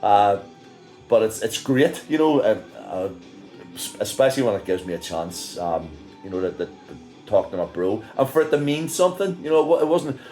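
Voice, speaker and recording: A middle-aged man with an Irish accent talks straight to his viewers, telling a story in a loose, rambling way and breaking into laughs as he goes. His voice sits on the low side. A soft guitar plays quietly behind him. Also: sing-song, moderate pace, low-quality recording. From Ireland. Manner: chatty and rambling, laughing often. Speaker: singer and vlogger. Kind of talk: casual storytelling monologue.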